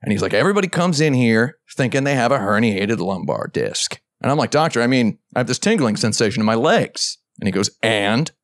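A man's voice: animated, a little fast, few pauses, no room sound, studio quality. A male podcast host in casual chat, telling a long joke story and acting out every voice in it. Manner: acts out both sides of a story, jumping into a high voice for others' lines.

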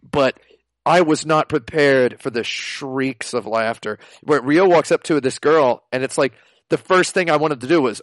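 A man co-hosting a casual chat over a video call, ranting excitably and emphatically. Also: mid-range voice, normal speed, no room sound. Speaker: podcast co-host.

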